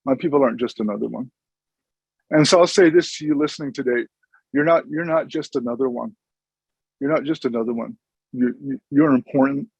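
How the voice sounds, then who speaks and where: A man's voice: medium pitch, steady tone, a little fast, breathy edge, no echo, lo-fi sound. A middle-aged man, a social worker, giving an earnest, informal conference presentation with stories and frequent restarts.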